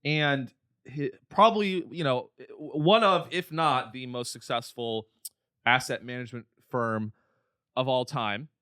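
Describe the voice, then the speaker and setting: A man's voice: medium pitch, unhurried, sharp tone, clean tone, dry recording, clean studio sound. A man hosting a podcast, ranting with profanity and exasperation, slipping into mocking voices of other people. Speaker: podcast host. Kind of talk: comedic rant.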